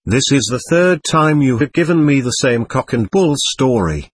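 A man's voice: mid-range voice, lively intonation, normal speed, slightly rough, dry recording. A man reading the lines of an amused middle-aged father in an audiobook, teasing and dismissive.

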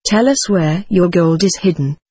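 Brief: a woman doing a ruthless gang boss in an audiobook, husky, low and curt, dry close sound. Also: moderate pace, warm tone, no echo. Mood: commanding. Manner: curt, commanding. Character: ruthless male gang leader.

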